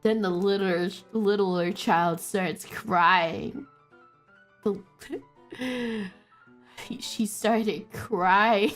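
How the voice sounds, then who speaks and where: A young woman streamer telling a story in a casual, animated way, often breaking into laughter and squeaky excited bursts. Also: very slow, long pauses, faint music behind.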